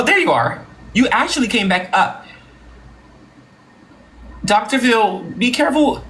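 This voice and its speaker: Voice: medium pitch, pushed and bright, slight background noise, rough recording. A host on a live stream, boastful, thanking viewers for gifts by name. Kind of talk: casual live stream chat.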